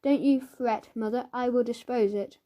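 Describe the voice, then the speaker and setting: A woman's voice: on the high side, steady tone, normal speed, warm tone, natural voice. A woman voicing a mild, courteous father in a storybook, speaking politely.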